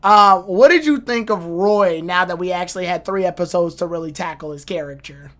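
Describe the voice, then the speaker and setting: A woman's voice: lowish voice, fairly quick. Analytical woman hosting a casual chat. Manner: analytical, building long comparisons. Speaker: streamer hosting the discussion.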